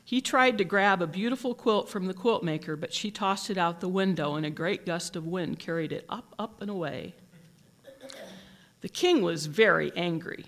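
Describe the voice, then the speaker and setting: A teacher reading a picture book aloud in a gentle, measured storytelling manner. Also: mid-range voice.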